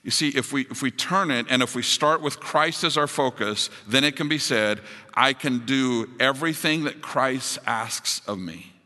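A man preaching a sermon as pastor, building to emphatic high points and dropping to soft, quiet appeals. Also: moderate pace, long reverb tail. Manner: rises to emphatic peaks, drops to soft closing appeals.

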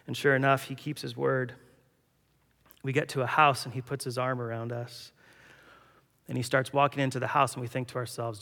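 A man's voice: mid-range voice, flat delivery, normal speed, fairly bright tone. Preaching man in a reverberant hall. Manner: dramatic storytelling, acting out quoted voices. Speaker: pastor. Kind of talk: sermon.

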